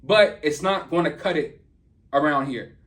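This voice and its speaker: A man's voice: a little high, unhurried, background noise. A man with a Southern US accent from the American South, delivering a heated, confrontational commentary rant to viewers. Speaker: YouTube commentator.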